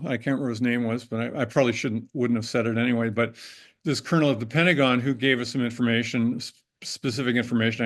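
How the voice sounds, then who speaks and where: An older man recounts stories from his working life in a relaxed, conversational way. He wanders through his sentences, often restarting and correcting himself mid-thought. His voice sits at an ordinary middle pitch for a man. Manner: rambling, with frequent restarts and self-corrections. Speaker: interview guest, former prop master. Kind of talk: casual anecdotal storytelling.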